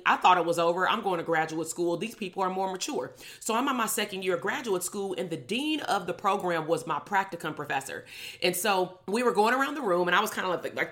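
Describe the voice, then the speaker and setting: A middle-aged woman from Compton tells stories from her own life in a loose, casual way. Her voice sits a little low. She is blunt and sarcastic, and she swears freely as she goes. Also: pushed and bright. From Compton, Los Angeles. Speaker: podcast host, clinical psychologist. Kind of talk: casual storytelling monologue.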